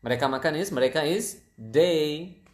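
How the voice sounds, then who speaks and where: Casual language teacher in a roomy space. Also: mid-range voice. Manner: lively, repeats words slowly for practice. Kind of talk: casual online language lesson. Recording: roomy echo.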